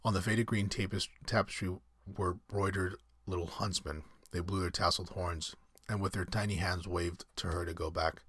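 A man with a very low voice reads a story aloud at a relaxed pace. He sometimes trips over a word and corrects himself. The sound is close and dry. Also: slightly rough, dry recording. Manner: unhurried, with slips and self-corrections. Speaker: reader. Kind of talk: storybook reading.

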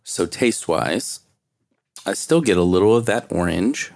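Man, very low voice, casual podcast co-host who jokes a lot. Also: expressive, measured pace, darkish tone, no room sound. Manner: joking, chatty. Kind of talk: casual whiskey-tasting chat.

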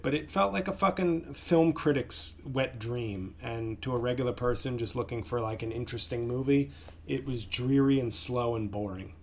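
A man hosting his own comedy podcast, venting in a long angry rant. He swears constantly and trips over his words. His pitch sits in a middle range, and he jumps between loud outbursts and quieter, bitter muttering. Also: breathy edge. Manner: angry, profane ranting with stumbles.

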